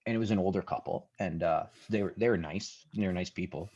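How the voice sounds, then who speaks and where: Low husky young man telling stories. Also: fast, muffled recording. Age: 20s. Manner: profane, animated storyteller. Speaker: podcast guest. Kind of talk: casual storytelling chat.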